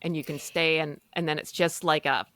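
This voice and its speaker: A podcast host talking straight to listening parents, emphatic and conversational. The voice is bright and a little sharp. It sounds dry and close, with no room around it. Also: medium pitch, fairly even intonation, moderate pace, no echo.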